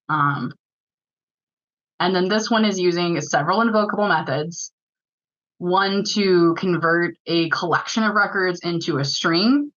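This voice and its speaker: A woman's voice: on the low side, a bit bright, highs cut off. A woman co-leading a user group, giving an upbeat, chatty webinar presentation on a video call. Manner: chatty, quick-talking, upbeat explainer.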